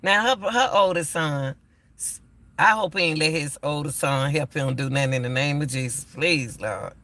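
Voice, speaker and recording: Older male host, gravelly and bright-toned, emphatic casual commentary. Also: fairly high pitch, normal speed. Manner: emphatic, repeats himself. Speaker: YouTube commentator.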